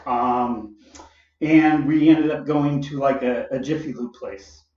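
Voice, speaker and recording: A man's voice: mid-range voice, slow pace, darkish tone. A man casually telling a personal story in a rambling way, full of fillers and asides. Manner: rambling and digressive, with many fillers and laughs. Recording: roomy, distant and dull.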